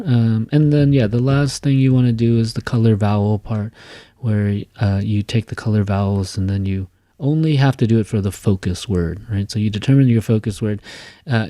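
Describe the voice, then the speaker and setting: A man teaching a class, explaining an assignment in a casual way, with many fillers and quick "okay?" checks. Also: on the low side, dark tone, no echo, clean studio sound. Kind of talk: recorded class lecture.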